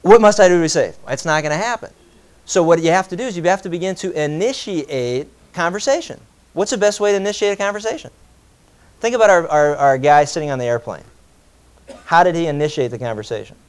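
Animated preaching man, slightly high voice. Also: brisk, clear, resonant tone. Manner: animated, jokey asides, rhetorical questions. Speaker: pastor. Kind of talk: sermon.

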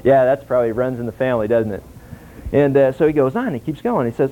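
A man teaching a Bible class in an animated sermon style, acting out dialogue and asking his listeners questions. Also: medium pitch, quick pace. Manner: animated, acts out dialogue, asks the audience questions. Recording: tinny phone-like lo-fi recording.

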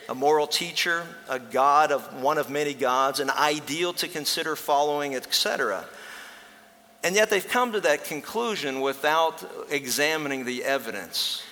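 A male pastor with a bright, fairly high voice delivers a sermon, spinning funny anecdotes and acting out the characters loudly. His voice rings out with a long reverb from a big church hall. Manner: jokey storytelling, loud acted voices for characters. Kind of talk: sermon with humorous stories.

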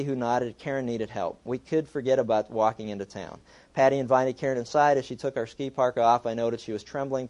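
A man's voice: mid-range voice, a little mellow. Man preaching in a conversational tone. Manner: conversational preaching, acts out voices when reading a story aloud. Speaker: pastor. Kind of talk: sermon.

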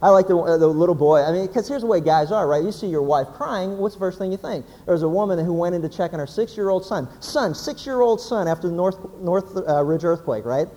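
A man, a pastor, giving a humorous sermon as an animated, joking storyteller. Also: sits high, brisk, few pauses. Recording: hall reverb, faint background noise.

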